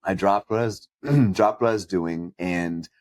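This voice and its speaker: A man with a low, deep voice talks in an earnest, reflective tone, weaving personal stories into casual podcast chat. His voice is recorded close and dry, with no room sound around it. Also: a little slow, a little mellow, no echo. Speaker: podcast co-host and pastor.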